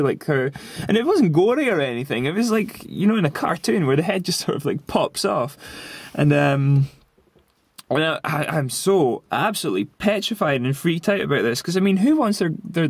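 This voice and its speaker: A man's voice: a little high, no room sound. A man in his twenties casually recounting a story in a rambling way, full of fillers and restarts. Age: 20s. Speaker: vlogger.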